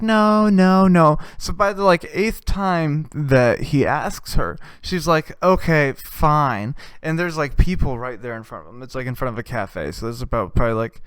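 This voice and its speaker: Smooth-voiced man rambling crude jokes. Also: mid-range voice, dry recording. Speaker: host. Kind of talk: comedic monologue.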